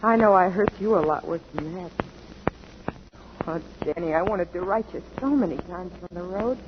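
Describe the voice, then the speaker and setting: A woman's voice: on the low side, moderate pace, lightly acted. An actress playing a young female dancer, tender and torn, with breathless emotional pleading in 1940s radio acting. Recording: dull 1940s radio recording with clear hiss.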